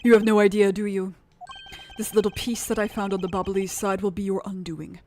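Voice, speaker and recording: Woman doing a formal male game prosecutor, measured, confident, mid-pitched. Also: little pitch movement, a little mellow, slight background noise, close to an everyday voice.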